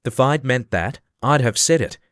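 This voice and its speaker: A haughty, touchy egg man, voiced by a man reading an audiobook. He lectures and quibbles in a self-important way, at a middle pitch. The sound is dry and close, with no room around it. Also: expressive, a bit bright, dry recording, natural voice. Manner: haughty, argumentative and quick to take offence.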